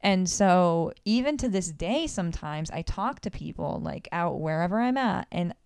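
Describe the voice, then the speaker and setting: A woman's voice: on the low side, expressive, normal speed, vocal fry, a little mellow, clear, resonant tone, dry recording, studio quality. A young woman from Florida, co-hosting a podcast in casual chat, with a wry, joking manner. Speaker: podcast co-host.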